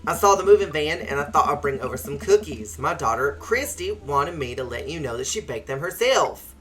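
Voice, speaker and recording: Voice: medium pitch, animated, fairly quick, a bit bright, close to an everyday voice. A streamer putting on a cheery Southern dad neighbor. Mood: cheerful. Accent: put-on Southern US.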